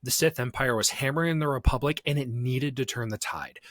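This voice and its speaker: A young man co-hosting a casual podcast, animated, laughing often and slipping into silly voices. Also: mid-range voice, fairly quick, no echo, clean studio sound. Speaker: podcast co-host.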